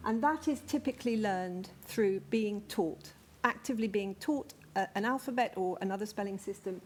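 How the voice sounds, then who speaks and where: A woman's voice: medium pitch, moderate pace, a little mellow, slight background noise. A woman, speaking, gives a conference talk. She explains things carefully, with some fillers and restarts. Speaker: lecturer. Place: conference venue.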